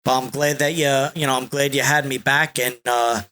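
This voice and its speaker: A man speaking as a podcast guest, slow and deliberate, relaxed and rambling in casual conversation. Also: mid-range voice, clear, resonant tone. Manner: slow and deliberate, reciting a long list of names.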